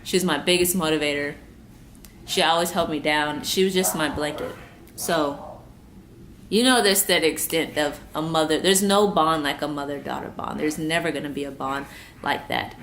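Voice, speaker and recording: A woman in her twenties with a low voice speaks straight to camera in a personal vlog. She talks earnestly and circles back over her points, working to keep from crying. A faint hiss sits under the recording. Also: fairly even intonation, moderate pace, a bit bright. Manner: earnest, repeats herself, trying not to cry. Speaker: vlogger.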